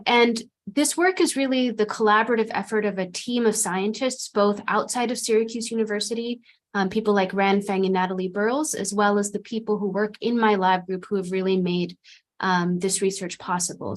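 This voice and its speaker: A woman's voice: medium pitch, steady tone. Woman giving an academic lecture. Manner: measured, explanatory with frequent "um". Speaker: seminar speaker. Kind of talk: academic lecture over video call. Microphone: video call.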